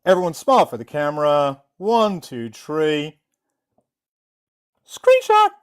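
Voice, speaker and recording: A livestreamer narrating a callout to viewers, the pitch swinging up and down constantly. The voice sits in a middle register and turns mocking and theatrical. Informal talk to camera. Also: expressive, normal speed, clean tone.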